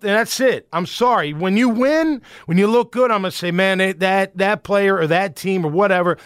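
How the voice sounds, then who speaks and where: A man's voice: high-pitched, fairly bright tone, no room sound, clean studio sound. A man hosting a sports talk show, giving fired-up, emphatic, rambling opinions.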